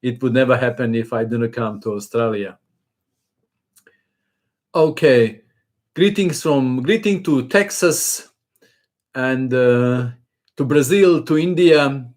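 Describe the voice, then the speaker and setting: Slow, halting man hosting a chess stream. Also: medium pitch, darkish tone. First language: not English. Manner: halting, many fillers, chuckles often; reads viewer comments aloud. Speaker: chess channel host. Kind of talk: casual live-stream Q&A.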